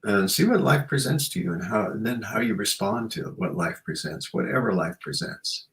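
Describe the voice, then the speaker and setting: A man's voice: lowish voice, expressive, normal speed, fairly bright tone, low-quality recording. A man hosting a radio show, chatting in a rambling, reflective way with many "you know"s. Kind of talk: casual chat.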